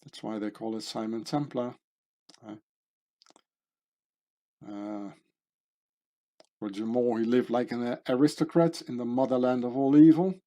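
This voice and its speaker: Slow, mellow-voiced man musing aloud. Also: medium pitch, fairly even intonation. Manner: musing, rambling, trailing off with fillers and self-corrections. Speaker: video commentator. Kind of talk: casual commentary reading through a list of names.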